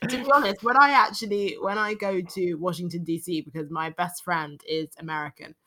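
A woman with a London accent, a guest on a podcast, telling stories in a lively way and laughing as she talks. Her voice is bright and crisp but pitched fairly low for a woman. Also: fairly quick. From London, England. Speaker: podcast guest, singer and tutor. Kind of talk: conversational interview.

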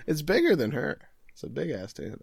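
A man's voice: a little high, wildly swooping pitch, creaky, slightly rough, no echo, clean studio sound. A young man casually recapping an anime episode as a podcast co-host, joking and acting out the characters' lines. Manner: joking, acts out characters' lines in quick voices. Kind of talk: casual chat.

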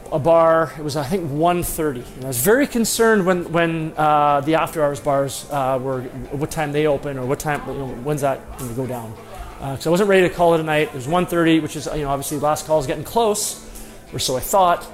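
A man recounts an anecdote from his playing days, his voice sitting a little high. He tells it in a lively, self-deprecating way. Faint music plays underneath. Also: fairly quick. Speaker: former pro hockey player telling a story. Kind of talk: personal anecdote storytelling.

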